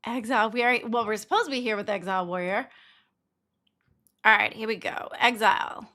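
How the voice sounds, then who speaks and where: Young woman stream host, high and bright voice, blunt casual talker. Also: brisk. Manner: blunt, swears freely, laughs often. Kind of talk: casual livestream chat.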